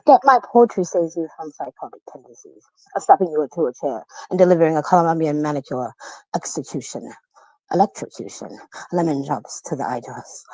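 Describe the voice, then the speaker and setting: Husky dark-voiced woman performing spoken word. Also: dry recording, low-quality recording. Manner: dramatic, swings between loud bursts and low menacing murmurs. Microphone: video call stream.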